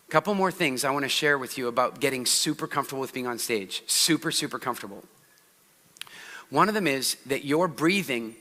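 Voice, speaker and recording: A man giving a motivational talk on a conference stage, lively and asking the audience questions. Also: mid-range voice. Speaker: conference speaker. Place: large hall on stage. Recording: long hall reverb.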